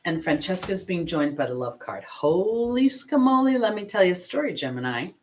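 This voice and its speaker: A woman's voice: fairly low pitch, big pitch swings, a little fast, slight background noise. A woman, an intuitive astrologer, giving a casual oracle card reading and chatting expressively straight to her viewers.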